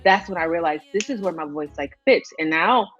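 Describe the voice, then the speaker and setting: A young woman with a low voice and deep tones in it tells her story earnestly in a casual interview, slipping into lively quoted voices. The recording is dull and lo-fi. Faint music plays behind her. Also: fairly quick. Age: young adult. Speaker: singer guest.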